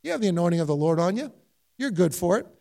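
A man's voice: high-pitched, sing-song, fast, creaky, warm tone. A man, a pastor, preaching a sermon, telling stories and asking the congregation questions. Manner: storytelling with rhetorical questions.

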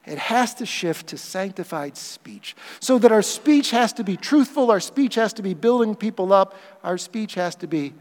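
Male pastor, high voice, lively sermon delivery with playful acted-out asides, long hall reverb. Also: moderate pace, hardly any pauses. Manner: animated preaching, acts out quoted voices for humor.

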